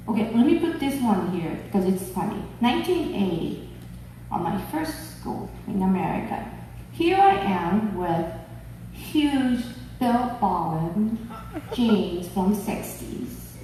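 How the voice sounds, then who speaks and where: A woman in her fifties from Japan, speaking English with a Japanese accent, telling a personal story at a conference in a slow, heartfelt, expressive way. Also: mid-range voice, a little hiss or hum. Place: conference hall. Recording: echoey hall, mic at a distance.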